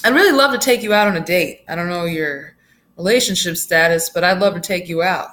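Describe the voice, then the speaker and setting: A woman quoting a smitten, slow-witted young man on a date, eager and earnest. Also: lowish voice, a bit bright, a little hiss or hum, lightly acted.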